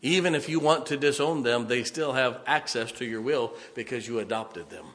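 A man preaching a sermon with fervor, repeating lines for emphasis and swinging from quiet to loud. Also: medium pitch, normal speed. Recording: long hall reverb.

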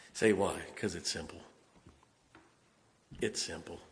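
Male pastor, low voice, storytelling sermon, echoing church hall. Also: slow, vocal fry. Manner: storytelling preacher, rises to emphatic exhortation. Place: church sanctuary.

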